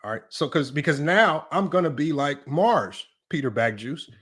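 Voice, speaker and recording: Man, fairly high voice, sports debate stream host, emphatic, repetitive, argumentative. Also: expressive, normal speed, a bit bright. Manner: emphatic, repetitive, keeps asking "right?". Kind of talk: livestream sports commentary.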